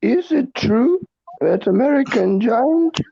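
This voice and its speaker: A woman from New York, co-hosting a comedy podcast, speaking in a hesitant, halting way. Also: high voice, animated, vocal fry, dark tone, breathy edge, dull audio. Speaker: co-host.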